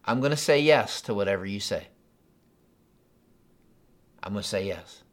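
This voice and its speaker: A man, a pastor preaching a sermon in a conversational, animated way with frequent asides and repetitions. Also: fairly low pitch, moderate pace.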